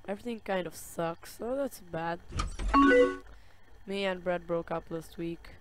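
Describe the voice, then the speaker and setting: Slow, low-voiced woman doing game commentary. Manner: reads dialogue slowly, with soft sympathetic reactions. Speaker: gaming video creator. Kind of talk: let's-play commentary, reading chat messages aloud. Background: loud game music and keyboard typing.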